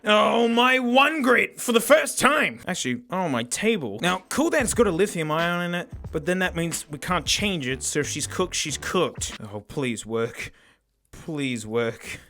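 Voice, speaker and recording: A man with a raspy, hoarse voice, unboxing a gadget in an excitable, mock-dramatic way. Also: high-pitched, normal speed, hardly any pauses. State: hoarse from yelling. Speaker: tech reviewer host. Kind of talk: casual gadget unboxing review.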